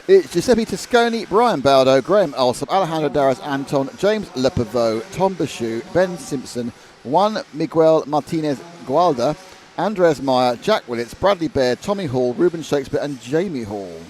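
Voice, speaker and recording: A man with a high, very lively voice rambles through jokey live race commentary. Loud venue noise runs under everything, as at a busy race track. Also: normal speed, rough recording. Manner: jokey, rambling, animated banter.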